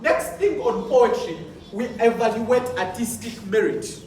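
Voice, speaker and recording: A man's voice: very high-pitched, expressive, unhurried, darkish tone. Brief: male competition judge coaching contestants, emphatic and repetitive, heard from a distance in a very echoey hall, faint background hum. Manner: emphatic, repeats points with rhetorical questions. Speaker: poetry competition judge and trainer.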